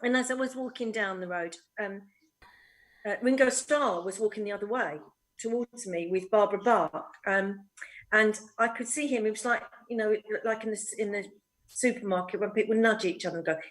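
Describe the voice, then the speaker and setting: A woman's voice: a little high, brisk, a bit bright, rough recording. Woman, from the East End, chatty storyteller, lots of ums, video call. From East End of London. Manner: chatty, laughing storyteller with many "um"s. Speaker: guest actress. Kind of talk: casual anecdote telling.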